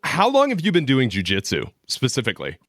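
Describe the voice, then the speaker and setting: A man's voice: mid-range voice, wildly swooping pitch, brisk, a bit bright, dry recording, studio quality. A man hosting a podcast interview who reacts to his guest with short, encouraging remarks. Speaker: podcast host. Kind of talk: casual interview.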